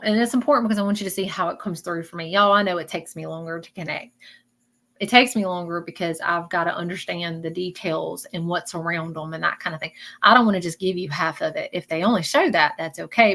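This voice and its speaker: A woman's voice: fairly low pitch, gravelly, a bit bright. A woman doing a live psychic reading, emotional and repetitive, calling her viewers y'all. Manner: emotional, repeats phrases, addresses viewers as y'all. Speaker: psychic medium.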